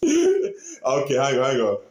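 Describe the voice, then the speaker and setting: Animated man hosting a reaction video. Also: mid-range voice, slow, echoey room. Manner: animated, laughs often, repeats "you know what I mean". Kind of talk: excited casual commentary.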